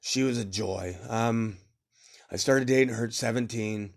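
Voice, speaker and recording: Gravelly man rambling through old stories. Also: fairly low pitch, measured pace. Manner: rambling, laughs at own stories, swears freely. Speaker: podcast storyteller. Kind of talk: casual spoken memoir.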